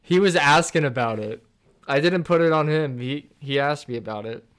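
A man's voice: on the high side, moderate pace, fairly bright tone, clean tone. A young man co-hosting a podcast, laid-back and joking, with crude asides. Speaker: podcast co-host. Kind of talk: casual chat.

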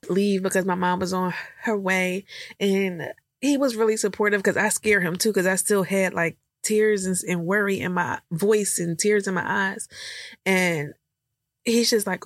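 A young woman talks through a candid podcast episode, her voice tearful and choked up. She rambles warmly through fillers at an ordinary middle pitch, recorded dry and close with no room sound. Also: no echo. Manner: emotional, rambling, filler-heavy storytelling. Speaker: podcast host. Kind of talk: candid personal podcast talk.

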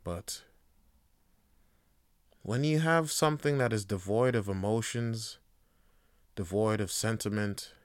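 A man holds forth alone on his podcast, cursing freely as he moves between loud rants and low, thoughtful stretches. His voice is smooth and clear. The sound is dry and close. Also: takes it slowly, long pauses, no echo. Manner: profane, swings from rants to quiet musing. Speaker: podcast host. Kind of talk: casual monologue.

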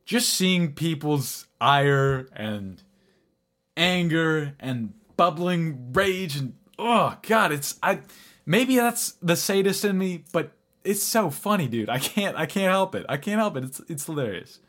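A man's voice: fairly high pitch, lively intonation, takes it slowly, fairly bright tone. A young man hosting a casual podcast chat, rambling with restarts, laughing often and swearing casually. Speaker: podcast host.

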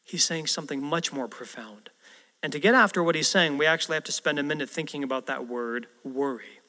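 A man preaches a sermon with an easy, conversational delivery, often turning to the congregation with rhetorical questions. His voice sits a little high for a man. A long reverb from the large church hall hangs on every phrase. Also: brisk, bright, forceful tone. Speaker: pastor.

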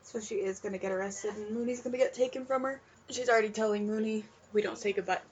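A young woman co-hosting a casual movie podcast, blunt and swearing freely, getting loudly exasperated. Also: on the high side, fairly even intonation, fast talker, lo-fi sound, a little hiss or hum. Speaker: podcast co-host. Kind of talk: casual movie-watching chat.

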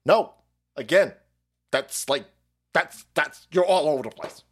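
A man's voice: a little high, lively intonation, unhurried, breathy edge. A man hosting a stream, ranting profanely and mockingly as he reacts to clips. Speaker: stream host.

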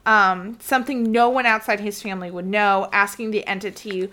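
A woman hosting a podcast, telling a story in a relaxed, chatty way with lots of fillers. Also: medium pitch, fairly quick. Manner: relaxed, many fillers, laughs often. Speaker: podcast host. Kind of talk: casual storytelling chat.

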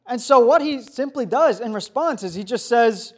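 A young man giving a youth sermon, telling a story in a casual, animated way full of fillers. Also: very high-pitched, normal speed. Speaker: youth pastor.

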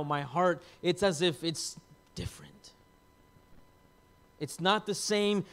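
Emotional pastor sharing a testimony. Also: male voice, sits high. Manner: emotional, confessional storytelling, swings from hushed to loud. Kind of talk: personal testimony sermon.

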